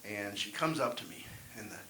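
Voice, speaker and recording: A man's voice: fairly low pitch, animated, fairly quick, pushed and bright. A man performing a wry, self-deprecating stand-up set at an open mic. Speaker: stand-up comedian. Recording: echoey room, faint hiss.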